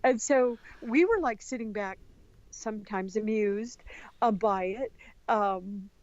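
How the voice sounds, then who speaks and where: A woman from the United States, a podcast guest, talking in an animated, chatty way with many restarts. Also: mid-range voice, slow pace, highs cut off. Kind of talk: casual conversation.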